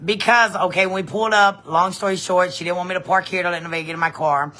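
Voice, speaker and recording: A woman, telling a story in a blunt, profane, animated vlog rant. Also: fairly low pitch, quick pace. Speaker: vlogger.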